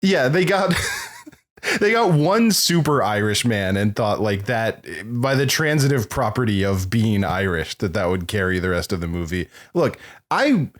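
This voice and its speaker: A man's voice: lowish voice, big pitch swings, measured pace. A man hosting a movie podcast, chatting casually and joking, with frequent restarts. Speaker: podcast host. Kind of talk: casual chat.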